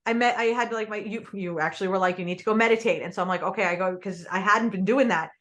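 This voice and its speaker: A woman's voice: medium pitch, fast, fairly bright tone. A woman hosting a casual interview who reacts readily, laughs easily and speaks frankly about her own life. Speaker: host.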